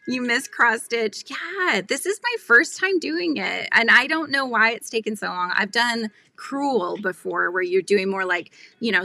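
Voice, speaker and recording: A woman's voice: fairly high pitch, creaky, sharp tone. A woman in her forties hosting a casual craft livestream, chatting and greeting viewers from comments with frequent laughs and fillers. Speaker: livestream host. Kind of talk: casual live-stream chat while crafting.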